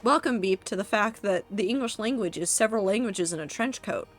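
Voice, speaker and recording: A woman's voice: medium pitch, fairly quick, faint music behind. A young woman streaming a game from home, chatting casually with her chat in a rambling way, laughing at herself. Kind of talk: casual chat reading live chat while gaming.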